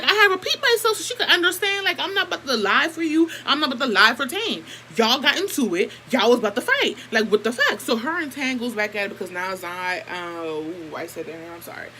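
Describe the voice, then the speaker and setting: A young woman vlogger telling a story casually to camera, animated and expressive, acting out what others said, with swearing. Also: on the high side, slight background noise, poor audio.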